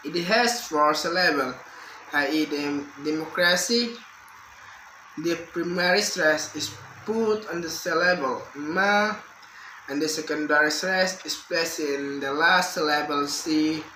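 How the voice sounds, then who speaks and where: A man's voice: fairly high pitch, bright, forceful tone. A young man, a university student reading a prepared exam answer aloud, carefully and with restarts. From Indonesia. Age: young adult. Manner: slow, careful reading with repeated words and restarts. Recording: echoey room with faint background hum.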